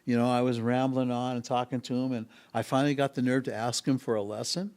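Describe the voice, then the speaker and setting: Settled into a guest chair at a music school's podcast studio, a man who plays bass and harmonica tells a story in a casual interview. His mid-range voice is a little mellow, moves fast, and shows little pitch movement. He rambles, often stopping to hesitate before finding his thread again.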